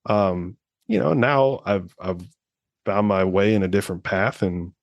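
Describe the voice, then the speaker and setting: Low-voiced man rambling casually in his thirties. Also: measured pace, vocal fry, no echo, studio quality. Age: 30s. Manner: rambling, swears freely, many fillers. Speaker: podcast co-host. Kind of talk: casual chat.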